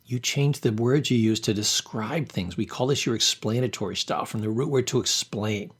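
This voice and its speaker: A man's voice: medium pitch, gravelly, a little mellow, slightly rough. A man giving a motivational self-help lesson, acting out example thoughts in quoted voices. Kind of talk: motivational talk to camera.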